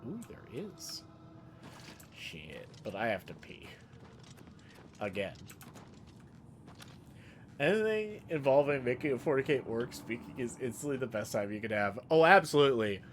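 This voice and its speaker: A man's voice: mid-range voice, sing-song, a little slow, pauses often, slight background noise. A man streaming a video game, chatting casually and jokingly with his viewers in a rambling way. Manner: rambling, joking, reacting to chat.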